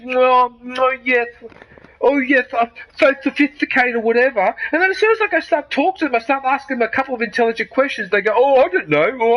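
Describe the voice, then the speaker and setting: A man's voice: very high-pitched, pushed and bright, poor audio. A man, ranting heatedly and with lots of swearing during live gameplay commentary. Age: 50s. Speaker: gaming streamer.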